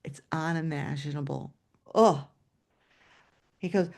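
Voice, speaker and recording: An older woman, a former teacher, tells a story to an audience over a video call, animated and acting out the voices, with asides to her listeners. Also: fairly low pitch, a little slow.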